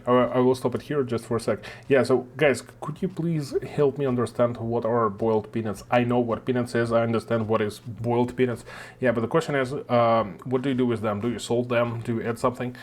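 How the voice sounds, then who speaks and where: A man's voice: mid-range voice, steady tone, a little fast. A man with a Russian accent, hosting a reaction video and chatting casually, thinking aloud with lots of fillers.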